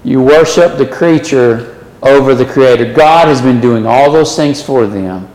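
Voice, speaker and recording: Slow, echoing male preacher. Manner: swings from loud emphatic questions to low quiet warnings. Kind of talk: sermon.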